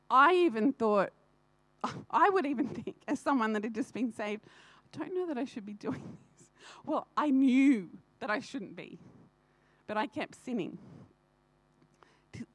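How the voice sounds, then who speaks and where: Woman, high pitched, fervent, earnest, church testimony, dry sound. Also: dry recording. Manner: fervent, earnest, laughs often, addresses the congregation directly. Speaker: church speaker sharing a testimony. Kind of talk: personal testimony in a church service.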